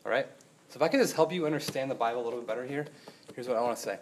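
A young adult man preaching a sermon as pastor, conversational and animated, asking the room rhetorical questions and acting out quotes. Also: medium pitch, rapid-fire, slight background noise.

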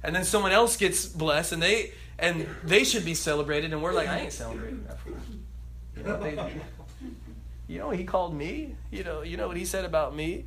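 High-voiced animated male preacher. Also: moderate pace. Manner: animated, acts out voices, laughs and jokes. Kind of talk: sermon.

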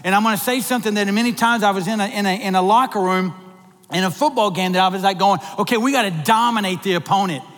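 A middle-aged man, a minister, preaching a sermon in a church and building to animated, excited emphasis. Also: high-pitched, fast talker, long reverb tail. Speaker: minister on staff.

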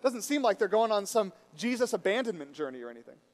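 A man with a notably high voice preaches a sermon. He tells stories with animated quoted voices, then sinks to a quiet, intimate tone when he turns reflective. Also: quick pace. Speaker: pastor.

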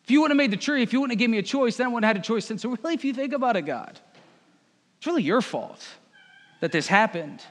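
A man's voice: very high voice, expressive, fast talker, a bit bright, pitched above the performer's own voice, full character voice. A man voicing Eve, a woman who whines and shifts the blame onto others. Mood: blaming. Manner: pleading, blaming. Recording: long hall reverb.

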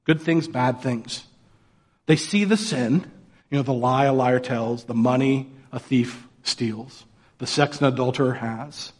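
A man's voice: medium pitch, measured pace. A man preaching a sermon as pastor, talking casually and asking the congregation rhetorical questions. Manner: conversational, rhetorical questions, mocking put-on voices for quotes.

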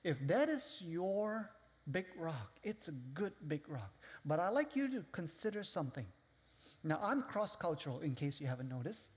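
A man with a foreign accent, from outside the US, preaches a sermon as a guest speaker in a large hall before a live audience. His voice runs high with big pitch swings at a moderate pace, and he quotes scripture and acts out his listeners' voices amid long hall reverb.

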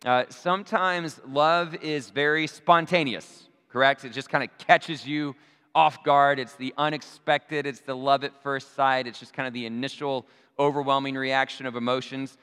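Male pastor, bright forceful voice, conversational sermon style with frequent tag questions, reverberant sanctuary. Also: mid-range voice, fairly even intonation, moderate pace, clear, resonant tone. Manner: chatty, checks in with the audience using tag questions. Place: church sanctuary. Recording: long reverb of a large hall.

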